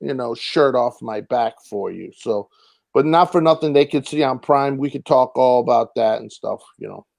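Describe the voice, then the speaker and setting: A man with a mid-range, darkish voice and some vocal fry is a guest on an interview show, recorded dry at a moderate pace. An actor and comedian, he tells rambling stories in a casual way, full of fillers and restarts, and acts out the voices of people he quotes.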